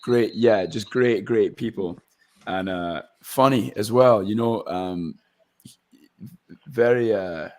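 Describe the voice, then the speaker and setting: A man's voice: fairly low pitch, takes it slowly. A young man from Scotland, an actor chatting casually as an interview guest and rambling with fillers and restarts.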